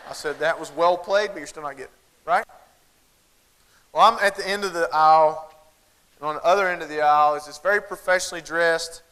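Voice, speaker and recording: A man with a Southern American accent giving a humorous keynote talk to a large conference crowd, folksy and animated, addressing the audience directly. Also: sits high, clean tone, rough recording.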